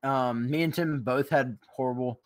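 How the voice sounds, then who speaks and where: Hesitant mid-pitched young man. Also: moderate pace. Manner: hesitant, many fillers and restarts. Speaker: live stream co-host. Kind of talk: casual live stream chat.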